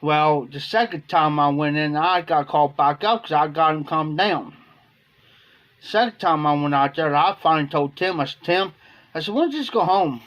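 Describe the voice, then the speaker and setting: A man with an Ohio accent spins a long, rambling workday story in a folksy, unpolished way. His voice sits a little higher than most men's. He slips into quoted back-and-forth as he goes. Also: normal speed, dull audio. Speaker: live streamer. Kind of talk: casual storytelling. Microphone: phone or webcam on a live stream.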